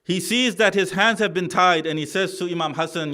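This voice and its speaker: A man reciting a mourning sermon, telling the story in a pleading, tearful way that climbs to a loud cry. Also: a little high, normal speed. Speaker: speaker narrating a martyrdom account. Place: mosque hall.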